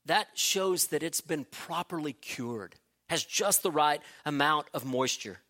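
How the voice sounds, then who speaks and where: A man's voice: on the high side, expressive, measured pace, bright, forceful tone, full character voice. A man preaching, quoting a young male college student who lectures and shows off. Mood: showing off. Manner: lecturing, showing off.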